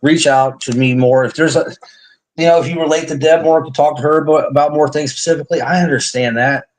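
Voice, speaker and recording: A man's voice: a little high, steady tone, fast, rough recording. Earnest rambling man hosting a live chat. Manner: earnest, rambling, joking, with frequent restarts. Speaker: host of a live testimony stream. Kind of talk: casual heartfelt live chat. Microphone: online live stream.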